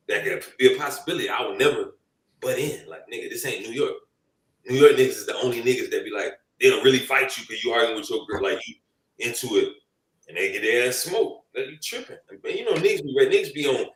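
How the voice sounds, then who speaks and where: A man's voice: medium pitch, far from the mic. A young man co-hosting a casual group chat, telling slangy stories and acting out quotes. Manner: animated, slangy storytelling with acted-out quotes. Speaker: podcast co-host. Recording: roomy, off-mic sound.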